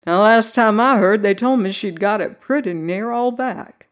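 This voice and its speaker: A reader voicing a young Southern cowboy who teases an old man with gentle, straight-faced mock concern. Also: medium pitch, normal speed, pitched above the performer's own voice, natural voice. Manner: gentle, solicitous, deadpan teasing. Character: young Southern cowboy, twenty-four, teasing with mock gravity. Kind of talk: audiobook character voice.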